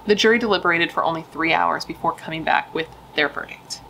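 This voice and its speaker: A woman's voice: deep voice, a little fast, creaky, sharp tone, slight background noise, rough recording. A young woman casually telling a true crime story, emphatic and chatty, swearing and saying dude and like.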